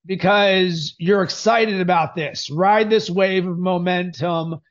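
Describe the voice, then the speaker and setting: Upbeat, high-voiced male podcast host. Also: slow pace, highs cut off. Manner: upbeat, emphatic, coaching tone. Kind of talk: energetic podcast conversation.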